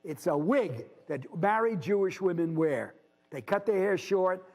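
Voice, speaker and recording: High-voiced man lecturing in a reverberant hall. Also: animated, unhurried, a little mellow. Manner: conversational, digressive, explanatory. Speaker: literature instructor. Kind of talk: lecture with read-aloud passages.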